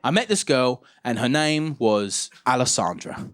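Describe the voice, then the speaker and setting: A man, performing a stand-up comedy set on stage with animated storytelling and loud shouted punchlines. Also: mid-range voice, a little slow. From England. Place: comedy stage with a live audience.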